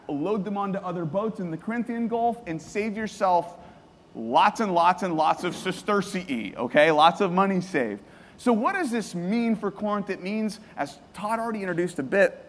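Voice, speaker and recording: A man preaching a sermon to a congregation, lively and joking, asking them questions and repeating their answers. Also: sits high, long reverb tail. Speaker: pastor. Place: church hall.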